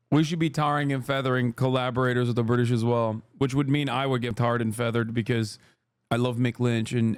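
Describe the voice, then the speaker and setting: A man streaming a reaction video, talking in a heated, emphatic, profane way. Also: fairly high pitch. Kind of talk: casual reaction commentary.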